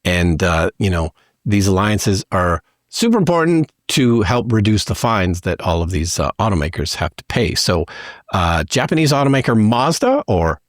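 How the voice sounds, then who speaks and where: Canadian guy, podcast host, lowish voice, easygoing news rundown, dead dry mic. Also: normal speed, no room sound. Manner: relaxed, reads news with many fillers. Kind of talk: casual news discussion.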